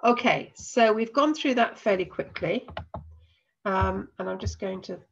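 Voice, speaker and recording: A woman teacher with an English accent and a cold, patiently explaining a recorded lesson and slowing down to spell things out. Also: mid-range voice, gravelly, dull audio, noisy background. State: has a cold.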